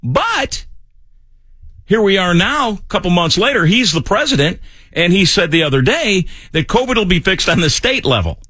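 On a studio microphone with a dry sound, a fill-in morning talk radio host speaks at normal speed in a high-pitched voice with a breathy edge. He's animated and jokey, often making himself the target of the joke.

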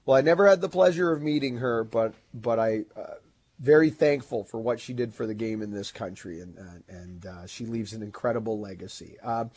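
A man co-hosting a talk show, chatting casually with halting restarts and self-corrections. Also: medium pitch, darkish tone, husky. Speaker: co-host. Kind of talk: casual chat.

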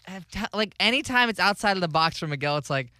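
A man co-hosting a podcast, talking in an energetic, animated way. His voice is high for a man, bright and smooth. The sound is dry and close. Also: fast talker, no room sound. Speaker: podcast co-host. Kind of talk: casual chat.

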